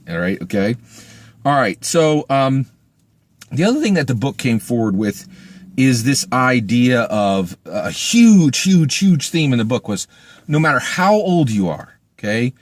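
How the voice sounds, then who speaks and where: A man giving a casual spoken book review, emphatic, and he often asks "right?". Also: mid-range voice. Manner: emphatic, keeps asking "right?"; animated, acts out quoted speech.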